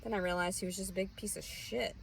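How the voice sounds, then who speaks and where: A woman's voice: mid-range voice, fairly even intonation, fast talker, vocal fry, slight background noise, low-quality recording. Angry profane woman venting. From Southern US. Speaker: vlogger. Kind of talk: rambling personal vent.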